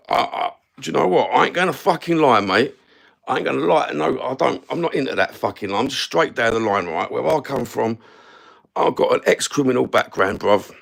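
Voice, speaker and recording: Gravelly man ranting. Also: mid-range voice. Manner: blunt, sweary, heated. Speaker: YouTube content creator. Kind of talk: ranting to-camera monologue. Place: standing somewhere, filming himself.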